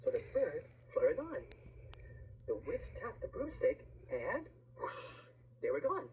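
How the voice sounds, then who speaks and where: A woman reading a rhyming picture book aloud, with lively pauses and asides to the listener. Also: medium pitch, a little hiss or hum, low-quality recording.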